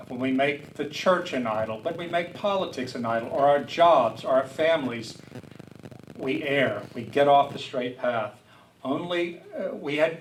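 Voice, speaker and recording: There is a little hiss or hum on this distant recording of a middle-aged public speaker from south Louisiana in a roomy hall. Speaking earnestly in a mid-range voice, he gives a reflective, personal lecture and sometimes restarts his sentences.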